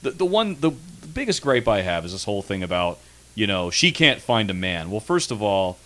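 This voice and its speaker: Guy radio host telling a crude story, lively up and down voice, mocking tone. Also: on the low side, a little fast. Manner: crude, mocking, rambling with restarts. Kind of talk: casual comedic chat. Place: radio studio.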